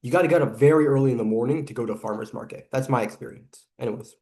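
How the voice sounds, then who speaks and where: A man giving casual reaction commentary on video clips, rambling and pausing, who says saliva builds up when he talks fast. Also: medium pitch, creaky, darkish tone. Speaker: video reviewer.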